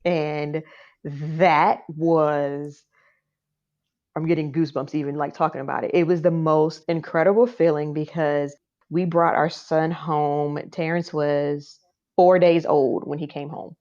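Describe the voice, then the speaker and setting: A woman with a low voice shares a heartfelt personal story as a podcast guest. She talks in a casual, emotional way with plenty of fillers. The recording sounds dull and lo-fi. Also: level tone, unhurried, a little mellow.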